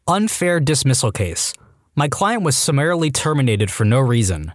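A man reading out online stories as a scripted narration, with a lively storytelling delivery. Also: mid-range voice, normal speed, dry recording, studio quality.

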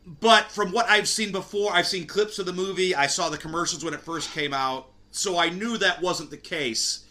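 A man's voice: high voice, moderate pace, pushed and bright. A man hosting a podcast, chatting casually about a film and retelling its scenes. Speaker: podcast host. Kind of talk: casual movie review chat.

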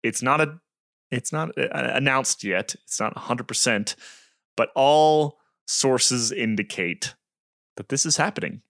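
A man's voice: medium pitch, unhurried, creaky, fairly bright tone, dry recording, clean studio sound. A man co-hosting a cycling podcast, chatting casually and chuckling through his points. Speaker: podcast co-host.

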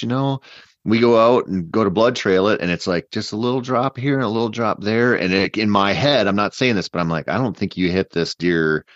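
A man casually telling a long story in a rambling, animated way, full of fillers and restarts. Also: lowish voice, a little fast, dry recording. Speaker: podcast guest hunter. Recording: dull, dry podcast mic.

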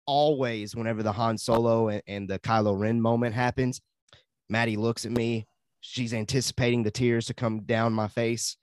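A man's voice: medium pitch, flat delivery, normal speed, dry recording, studio quality. A young adult man co-hosting a podcast, chatting casually and enthusiastically, rambling and laughing often. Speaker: podcast co-host. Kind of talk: casual chat.

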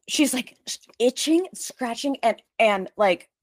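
A woman telling a story in casual chat, fast and lively, full of likes, acting out what others said. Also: a little high, no room sound, studio quality. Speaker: storyteller guest.

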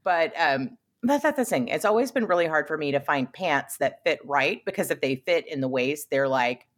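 A woman co-hosting a podcast in loose, casual chat. Her pitch sits a little low but jumps around a lot as she tells things, and she laughs often and swears without a second thought. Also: lively intonation, moderate pace. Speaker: podcast co-host.

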